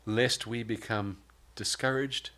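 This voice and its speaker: A man's voice: mid-range voice, steady tone, slow, pushed and bright. A male pastor preaching a sermon, mixing scripture with casual asides and humor.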